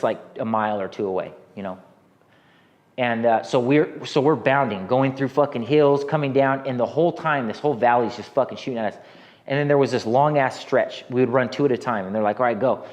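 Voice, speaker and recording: A man's voice: medium pitch, highs cut off. An American man in his thirties telling a rambling, profane war story as an interview guest, with many restarts. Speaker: guest, army veteran.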